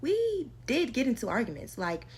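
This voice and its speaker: A woman's voice: a little high, wildly swooping pitch, moderate pace, a little mellow, a little hiss or hum. Slangy young woman telling a story. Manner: slangy, emphatic, repeats for effect. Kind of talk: storytime vlog, casual.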